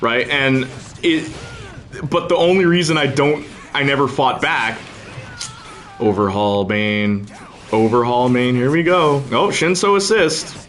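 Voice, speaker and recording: Man streamer, mid-pitched, casual and rambling, lots of fillers, chats while gaming. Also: unhurried, a bit bright. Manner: rambling, hesitant, many fillers and restarts; talks to chat and friends, laughs often.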